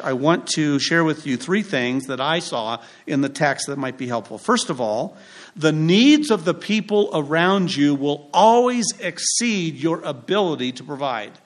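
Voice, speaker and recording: Pastor, man, higher register, chatty sermon with jokes, church setting. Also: lively intonation, moderate pace. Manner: conversational preaching with humorous asides.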